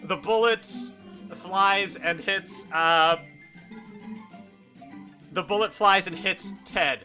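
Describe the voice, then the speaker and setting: A man narrates an improvised tabletop game as game master. His voice sits high and rings very bright. He laughs often as he tells the scene, with faint music playing underneath. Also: slow pace. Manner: lively, laughing storyteller.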